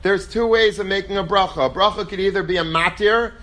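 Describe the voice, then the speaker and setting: High, bright-voiced male rabbi teaching. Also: a little fast, few pauses. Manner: animated, acts out quoted voices; lively storytelling, peppered with Hebrew and Yiddish terms. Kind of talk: Torah class.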